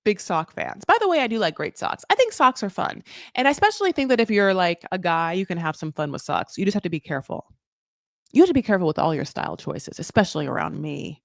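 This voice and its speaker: A woman's voice: quick pace, creaky, no room sound, clean studio sound. Chatty, rambling woman host. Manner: chatty, rambling, tangents and self-corrections; animated with sudden high jumps in pitch. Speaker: recap show host. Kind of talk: casual chat recap.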